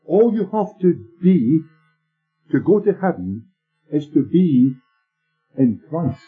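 A man preaching a sermon, telling stories in a measured, emphatic way. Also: medium pitch, big pitch swings, slightly rough. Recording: tinny lo-fi sermon tape with faint music.

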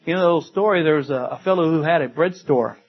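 A middle-aged pastor with a drawl preaches fast, using emphatic repetition and homespun stories. His fairly high voice has a husky quality, and the recording sounds dull and lo-fi.

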